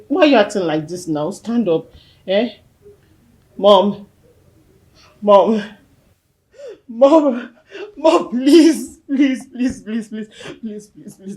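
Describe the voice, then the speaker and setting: A woman's voice: a little high, lively intonation, moderate pace, dark tone, lightly acted. An actress playing a young princess who pleads and sobs over her dead mother, in a film scene. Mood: sobbing. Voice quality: sobbing, pleading. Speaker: grieving princess. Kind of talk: Nollywood film acting.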